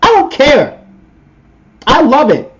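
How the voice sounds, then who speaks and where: A man's voice: very high voice, very animated, slow pace, fairly bright tone, lo-fi sound. A man co-hosting a podcast, giving a blunt, opinionated sports rant in casual talk. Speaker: podcast co-host.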